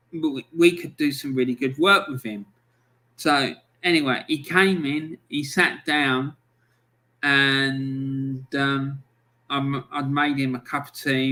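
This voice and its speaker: A man's voice: mid-range voice, pushed and bright. A man hosting a football livestream who reads out viewer comments and tells long, blunt anecdotes with plenty of swearing. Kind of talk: casual livestream chat.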